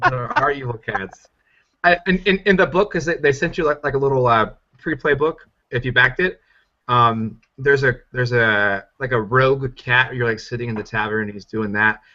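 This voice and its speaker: A man's voice: mid-range voice, moderate pace, pushed and bright. A man co-hosting a podcast, chatting keenly about a game with lots of "like" and "um". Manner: enthusiastic, heavy use of filler "like". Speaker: podcast co-host. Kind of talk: casual chat. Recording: dull lo-fi podcast audio.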